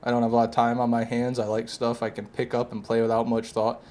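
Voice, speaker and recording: A man's voice: medium pitch, monotone, quick pace, a little mellow. A man streaming a game live, chatting casually with viewers and answering their comments, sometimes with sarcastic jabs.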